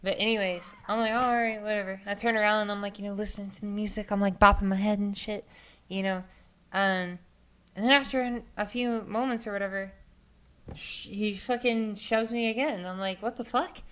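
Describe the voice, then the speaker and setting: A woman's voice: mid-range voice, fairly even intonation, a little fast, fairly bright tone. A young woman vlogger telling a story in a casual, rambling way, full of filler words and swearing.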